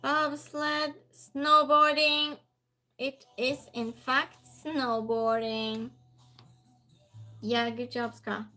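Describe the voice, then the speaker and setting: A woman's voice: sits high, steady tone, very slow, pushed and bright, soft background music. A woman hosting a live trivia stream, reading questions aloud and chatting with viewers.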